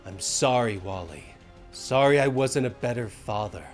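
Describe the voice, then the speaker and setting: A man voicing a resigned military father who speaks in a soft whisper. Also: medium pitch, animated, moderate pace, faint music behind, close to an everyday voice. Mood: tender. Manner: whispering softly. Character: middle-aged military father, tender and resigned.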